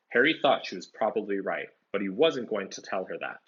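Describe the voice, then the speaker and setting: A man reading a storybook aloud, pausing to explain words in simple terms. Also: fairly low pitch, husky. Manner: animated, explains words as he reads. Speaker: storybook reader. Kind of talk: read-aloud with explanatory commentary. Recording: dull lo-fi recording.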